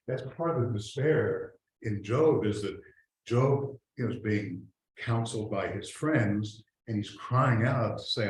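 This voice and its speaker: A man's voice: lowish voice, unhurried. Man teaching a church class in an echoey room. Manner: conversational, reads scripture aloud, trails off and restarts. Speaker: adult Sunday school teacher. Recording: echoey room, faint hiss.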